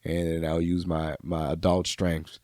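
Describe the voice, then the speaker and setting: A young adult man hosting a podcast alone, talking in a rambling, profane way with sudden animated outbursts. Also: low voice, a little slow, dry recording, clean studio sound. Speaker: podcast host. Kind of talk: casual solo monologue. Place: room by a bookshelf.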